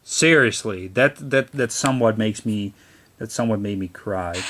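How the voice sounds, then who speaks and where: Recorded through a camera mic pointed at a handheld console screen, with game music in the background, a gaming channel host rambles casually through a let's-play, frequently apologizing and starting sentences over. His fairly low voice is a bit bright and moves at normal speed, with slight background noise.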